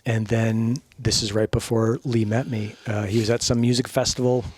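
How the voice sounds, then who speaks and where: A middle-aged man on a podcast as a guest, telling stories in a casual, animated way, swearing freely and acting out what people said. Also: mid-range voice, moderate pace, no echo. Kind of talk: casual storytelling chat.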